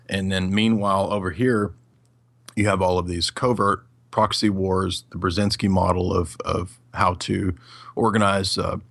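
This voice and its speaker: A man who is a guest on a podcast, talking through his film analysis in a casual, animated way with frequent fillers. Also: low voice, vocal fry, no echo.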